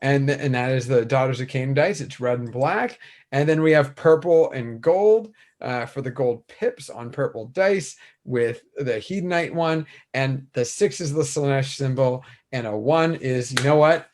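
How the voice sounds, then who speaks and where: A man co-hosting a podcast in casual chat, animated and rambling, swearing casually as he talks. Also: medium pitch, measured pace. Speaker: podcast co-host. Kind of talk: casual chat about tabletop wargaming.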